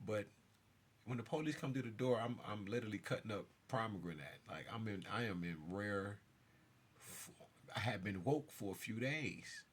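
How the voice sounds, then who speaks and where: A man's voice: on the low side, expressive, moderate pace, husky. A man delivering an intense, profane monologue straight to his listeners, jumping around as he talks. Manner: jumps around while talking. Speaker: self-styled spiritual figure. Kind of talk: ranting monologue to camera.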